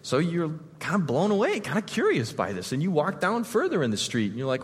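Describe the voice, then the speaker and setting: A man preaching a sermon as pastor, retelling scenes vividly and swinging from loud to hushed. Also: fairly high pitch, huge pitch swings, fairly quick, few pauses, slightly rough, in a large hall.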